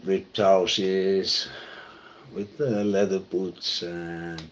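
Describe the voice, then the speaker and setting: A man from Iceland with an Icelandic accent, a pastor telling personal stories in a halting, reflective way. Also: sits low, level tone. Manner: halting and reflective, with many fillers and restarts. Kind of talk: personal storytelling talk.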